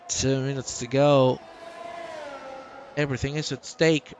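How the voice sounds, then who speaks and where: A man's voice: a little high, normal speed. A man giving live, joking commentary on a sim race and talking to his viewers. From Manchester. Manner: excitable, joking, chats with co-host and chat. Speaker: sim racing league commentator. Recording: background race car engine noise.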